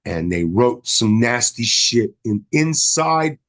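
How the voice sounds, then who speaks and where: A man's voice: mid-range voice, very animated, slow, a bit bright. A man co-hosting a casual political talk show, rambling and agreeable, full of fillers. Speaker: podcast co-host.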